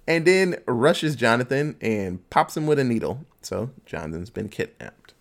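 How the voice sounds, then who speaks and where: A man's voice: medium pitch, expressive. Crude, chatty man recapping a movie. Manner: crude, profanity-laced storytelling with quick asides; acts out characters' lines in quick impressions.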